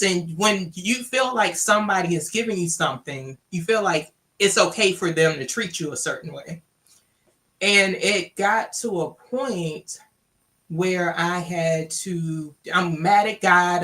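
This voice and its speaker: Bright-voiced woman telling her story. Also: fairly low pitch, unhurried. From Louisiana. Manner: candid, acts out quoted dialogue. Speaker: guest sharing her story. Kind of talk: personal storytelling.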